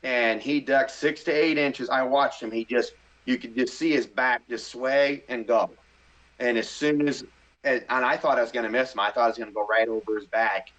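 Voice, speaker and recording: A middle-aged man on a podcast tells a story conversationally, animated and excitable as he acts out his inner monologue. His mid-range voice moves at normal speed, but the audio is poor.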